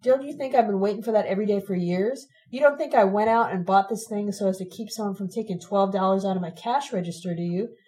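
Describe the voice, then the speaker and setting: A woman voicing a furious shouting father. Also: mid-range voice, fast, hardly any pauses, natural voice, poor audio. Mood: menacing. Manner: shouting, threatening. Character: furious older man, a menacing father.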